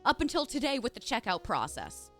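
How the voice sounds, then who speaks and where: A woman's voice: fairly high pitch, wildly swooping pitch, a little fast, faint music behind. A young adult woman streaming live, chatting casually and greeting viewers by name in a bubbly way.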